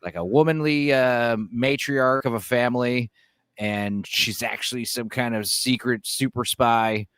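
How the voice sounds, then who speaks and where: A man's voice: medium pitch, measured pace, a bit bright, clean tone, no room sound, clean studio sound. A male guest in a casual chat, speaking in a laid-back, sarcastic way.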